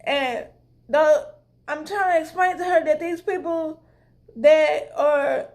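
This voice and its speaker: Young woman, casual vlog storyteller, lively retelling of conversations, fairly high voice. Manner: animated, retelling conversations with lots of "I was like". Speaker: vlogger.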